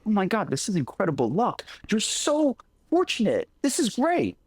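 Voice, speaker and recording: A man's voice: sits high, huge pitch swings, normal speed, darkish tone, slightly rough, dry recording, pitched above the performer's own voice, full character voice. Man putting on gushing, fretful village neighbors. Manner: exaggerated sing-song exclamations.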